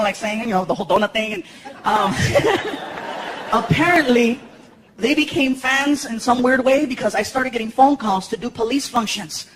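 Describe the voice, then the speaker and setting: A man telling stories in live stand-up comedy, animated and acting out the voices of the people he talks about. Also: extremely high pitch. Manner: animated storytelling, acts out voices. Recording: live show with loud crowd noise.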